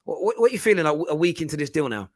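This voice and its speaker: Chatty man, animated football host. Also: fairly high pitch, racing. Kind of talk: casual football chat.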